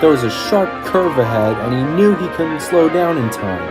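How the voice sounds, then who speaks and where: A man narrating a storybook in an animated way, performing all the voices himself. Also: fairly high pitch, normal speed. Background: music.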